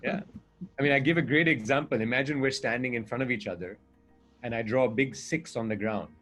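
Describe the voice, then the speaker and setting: A man's voice: mid-range voice, fairly quick, a bit bright, faint music behind. A man speaking as a communication coach in a conversation, earnest and explaining with examples and rhetorical questions.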